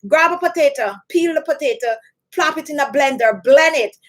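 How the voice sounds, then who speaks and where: A high-voiced woman talks to camera as a beauty channel host. She explains home remedies in a chatty, instructive way, repeating her points and greeting viewers by name. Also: lively intonation, normal speed. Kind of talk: casual talk to camera.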